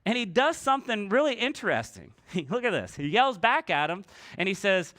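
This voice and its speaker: A man's voice: high-pitched, very animated, normal speed, pushed and bright. A male pastor preaching a casual, conversational sermon in church, often acting out the voices of people in the story.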